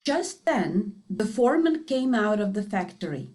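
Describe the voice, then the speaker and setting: A woman teacher reading a story aloud for a lesson, clearly paced and expressive. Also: mid-range voice, measured pace. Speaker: English teacher.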